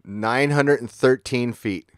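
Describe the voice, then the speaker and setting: A middle-aged man from San Diego, chatting casually as a livestream host and telling rambling, profane stories that jump into sudden high-pitched bursts. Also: slow pace, no echo, studio quality. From San Diego, California. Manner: laid-back, profane storytelling with sudden high-pitched outbursts.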